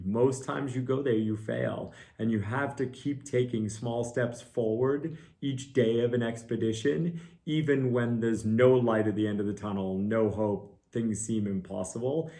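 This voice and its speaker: A man's voice: medium pitch, a little mellow. A middle-aged man, a mountain guide, answering viewer questions in a casual, earnest way. He thinks aloud with fillers and pokes fun at himself.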